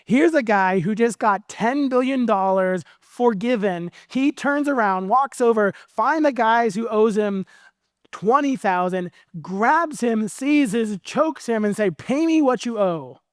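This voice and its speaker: American male pastor, high voice, casual animated sermon, dry close sound. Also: slow pace, no room sound. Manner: conversational, animated storytelling.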